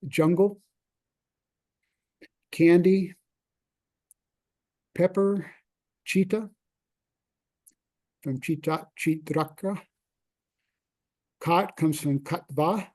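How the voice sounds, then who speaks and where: Man giving a halting slide lecture. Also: high voice, dark tone. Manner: halting, many fillers and restarts.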